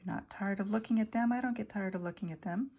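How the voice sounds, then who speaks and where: A woman talking casually in a vlog, showing off vintage jewelry finds with enthusiasm and sometimes dropping to a soft near-whisper. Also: mid-range voice, fast. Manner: chatty, enthusiastic, drops to soft near-whispers over delicate pieces. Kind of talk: casual show-and-tell vlog.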